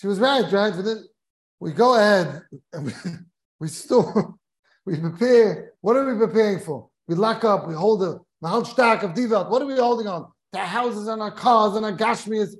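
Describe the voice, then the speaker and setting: A man's voice: high-pitched, normal speed. A man who is a rabbi giving a Torah class in a study hall, telling a humorous story and chuckling as he goes, mixing Hebrew and Yiddish terms into his English.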